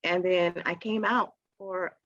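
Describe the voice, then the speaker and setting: A woman, a podcast guest, telling a personal story in a casual interview. She acts out the voices in her story with big jumps in pitch and often laughs as she talks. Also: steady tone, takes it slowly, a bit bright, dry recording. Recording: dry, slightly dull podcast audio.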